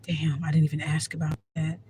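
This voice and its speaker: A man's voice: on the high side, completely flat delivery, brisk, a little mellow, a little hiss or hum, poor audio. A man from the Washington DC area talking to camera as a spiritual vlogger, candid and rambling, swearing freely and using lots of fillers. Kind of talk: casual monologue to camera.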